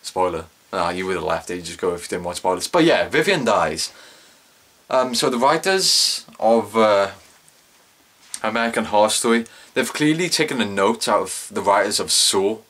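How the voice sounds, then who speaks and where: A man's voice: on the low side, animated, normal speed, a bit bright. A young man giving a casual solo review of a TV episode, rambling and correcting himself, with exaggerated cringing asides.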